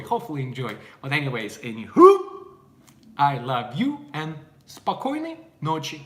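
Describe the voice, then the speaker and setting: A young man with a Russian accent hosts a casual livestream from his apartment, talking in a fairly high, bright, ringing voice. He gushes at his viewers and bursts into loud shout-outs. The recording is echoey, bouncing off the bare room around him. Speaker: livestream host teaching Russian. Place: apartment at home.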